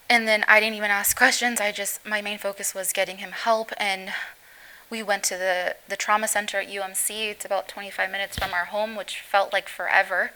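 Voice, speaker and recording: In a low-quality recording, a middle-aged woman tells an interviewer about the day her teenage son was hurt. Her bright voice stays on an even, flat pitch, yet her sentences halt and her voice breaks as she struggles to hold herself together.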